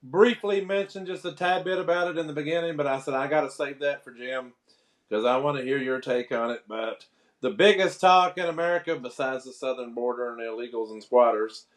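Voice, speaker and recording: A man's voice: medium pitch, fairly quick. A man hosting a talk show, casually steering his guest onto a new topic. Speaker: host.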